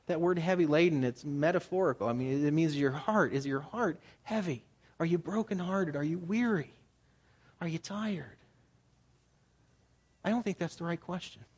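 A man in his forties giving a sermon as a pastor, talking in a conversational way and jumping higher for emphasis. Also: moderate pace, slightly rough. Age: 40s. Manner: conversational, animated, jumps into higher pitch for emphasis.

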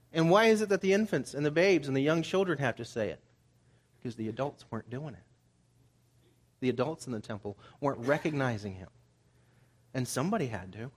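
A man's voice: medium pitch, sing-song, fairly quick. A man preaching a Bible study sermon in a conversational way, acting out the people he quotes with rising emphasis. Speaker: pastor.

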